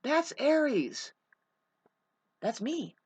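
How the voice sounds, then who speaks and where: A woman rambling through a profane astrology monologue, drifting from quiet musing into loud outbursts. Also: high voice, sing-song, very slow. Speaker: vlogger.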